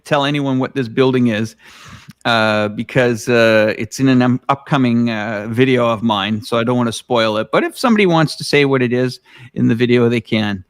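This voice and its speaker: A man's voice: medium pitch, normal speed, clean tone, dry recording, studio quality. A man hosting a live stream, rambling with many fillers and enthusiasm in casual chat. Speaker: live stream host showing aerial footage.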